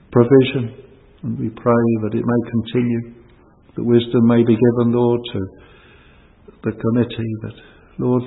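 A man leading a church prayer in a solemn, pleading tone, using old-fashioned thee and thou wording. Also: mid-range voice. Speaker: prayer leader at a church service. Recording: tinny phone-line sound with long hall reverb.

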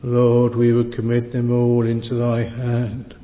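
A man leading a long extemporaneous prayer from the pulpit, solemn and pleading, in old-fashioned thee-and-thou phrasing with long pauses. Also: mid-range voice, monotone. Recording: phone-like sound with long hall reverb.

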